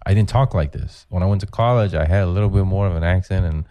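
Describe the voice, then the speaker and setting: Profane low-voiced man in his forties. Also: fast talker, dry recording. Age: 40s. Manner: profane, rambling, animated storytelling. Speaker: comedian guest. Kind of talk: casual podcast chat.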